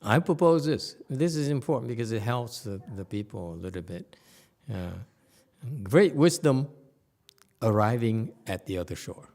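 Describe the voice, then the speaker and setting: A man's voice: mid-range voice, lively intonation, moderate pace, a little mellow. A man giving a conversational Buddhist sutra lecture, often stopping to question his audience. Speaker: Buddhist teacher.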